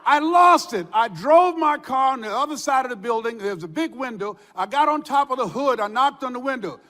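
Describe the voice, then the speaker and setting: An older man giving a motivational speech, telling stories with shouts and laughter. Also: very high-pitched, a little fast. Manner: animated storytelling with shouts and laughs. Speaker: motivational speaker. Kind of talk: motivational speech to a live audience. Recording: hall reverb.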